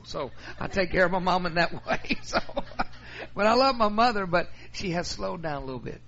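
Brief: middle-aged pastor, gravelly fry, slightly higher voice, muffled recording. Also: male voice, lively intonation, moderate pace, a bit bright, slight background noise. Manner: folksy storytelling. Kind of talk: sermon.

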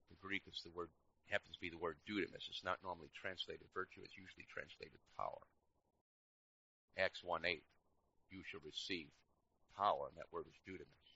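A middle-aged man preaching a sermon, swinging between loud emphatic lines and quiet asides. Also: deep voice, husky. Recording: dull lo-fi recording.

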